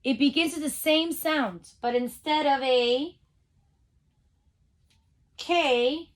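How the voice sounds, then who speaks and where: A woman teacher giving a phonics lesson to young children over a video call, sounding out letters slowly and cheering them on. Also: high voice. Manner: upbeat, encouraging, speaks straight to the kids.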